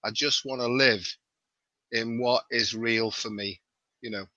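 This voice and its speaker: Middle-aged male guest, Liverpool accent, chatty and wry; bright voice, lo-fi sound. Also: medium pitch, fairly even intonation, a little slow, no room sound. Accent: Liverpool (Scouse). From the Wirral, near Liverpool, England. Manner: chatty, self-mocking, laughs easily. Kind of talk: casual live-stream chat.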